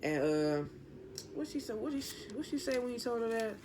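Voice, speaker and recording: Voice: mid-range voice, very animated, a little fast, noisy background. A TV show reviewer giving a casual recap in an opinionated, rambling way, often correcting themself mid-sentence.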